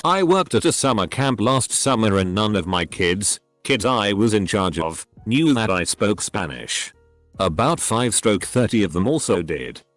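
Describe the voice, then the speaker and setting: A man's voice: on the low side, no echo. A man narrating forum stories in a scripted reading, sometimes reading symbols aloud word for word.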